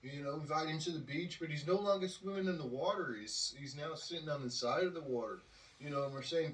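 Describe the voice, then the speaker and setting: A man's voice: a little high, a little fast, a bit bright. A man telling a story on a podcast, rambling with lots of fillers. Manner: rambling, with many fillers and acted quotes. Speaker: podcast host. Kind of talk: casual storytelling. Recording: roomy, distant from the mic.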